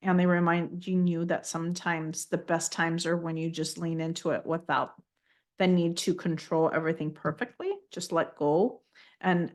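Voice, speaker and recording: A woman giving a live channeled spiritual reading, gentle and affirming, often repeating phrases as she passes messages on. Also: lowish voice.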